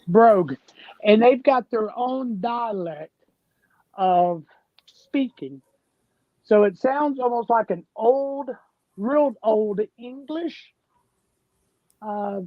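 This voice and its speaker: A man's voice: high voice, no room sound. A man with a Southern US accent from Tennessee, telling rambling folksy stories in casual conversation as a guest. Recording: dull, dry lo-fi sound.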